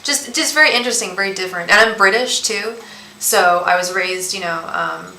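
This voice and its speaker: A young woman runs a live tarot stream as a psychic host, chatting and rambling directly to her viewers. Her mid-range voice is pushed and bright and moves a little fast. The room is echoey, with a faint hiss or hum underneath.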